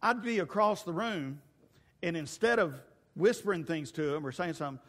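A middle-aged man preaching a sermon in a church, telling funny stories with loud, animated asides. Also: a little high, moderate pace. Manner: animated, humorous storytelling with shouted asides. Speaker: pastor. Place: church sanctuary. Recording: long hall reverb.

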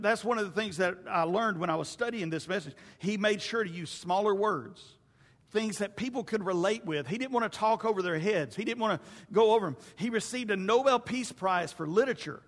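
A man's voice: high voice, a bit bright. A male pastor preaching a folksy, conversational sermon straight to his congregation. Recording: reverberant hall.

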